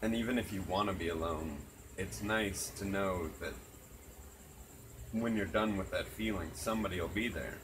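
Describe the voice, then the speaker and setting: A man talks in an earnest, reflective way, dropping swear words casually. His voice sits on the low side. Crickets chirp loudly around him outdoors at night. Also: moderate pace, background noise. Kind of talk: casual chat.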